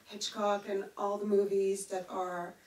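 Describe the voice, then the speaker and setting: A woman's voice: medium pitch, level tone, unhurried, a little mellow. A woman in the audience asking a question at a live Q&A, hesitant and searching for words. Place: cinema screening room. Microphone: handheld mic passed through the audience. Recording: roomy hall, distant mic, faint ambience.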